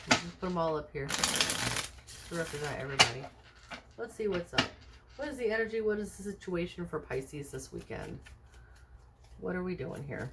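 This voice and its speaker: A woman's voice: fairly low pitch, lively intonation, normal speed, long pauses, very noisy. A woman doing a casual tarot reading for viewers, thinking aloud with many fillers and rhetorical questions in a chatty, reassuring way. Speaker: tarot card reader.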